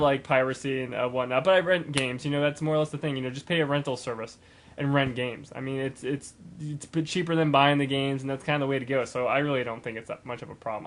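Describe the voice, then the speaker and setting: Fast-rambling young man. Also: mid-range voice. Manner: rambling with many fillers and restarts. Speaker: gaming vlogger. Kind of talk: casual rambling video blog.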